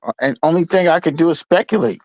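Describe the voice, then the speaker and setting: A man debating on a call, calmly pushing back and arguing that everyone is only speculating. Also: fairly high pitch, dry recording. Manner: measured, pushes back calmly. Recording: dull call audio.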